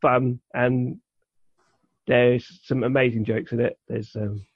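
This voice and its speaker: Slow and slightly rough, this man's mid-range voice shows little pitch movement as he co-hosts a podcast. He chats casually, rambling with many restarts and fillers, on a dull lo-fi recording.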